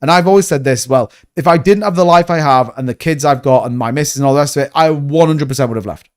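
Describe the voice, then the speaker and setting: A man with a Yorkshire accent and a fairly high voice talks fast on his crypto livestream. Reading viewer comments in a casual chat, he responds bluntly, often repeats himself, and calls people mate.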